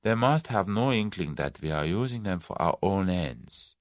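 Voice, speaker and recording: A sly conspirator with a soft, sinister, amused voice, as a male narrator puts him on. He stays low but lively in his pitch, recorded dry and close. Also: normal speed, no echo. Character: Russian conspirator Boris, sly, cynical man.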